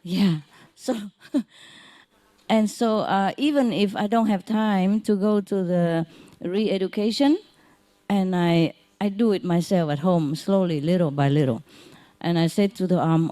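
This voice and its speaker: A woman giving an informal spiritual talk to an audience, speaking gently and unhurriedly in simple, non-native phrasing, often chuckling and repeating phrases to reassure her listeners. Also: medium pitch, a little slow. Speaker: spiritual teacher.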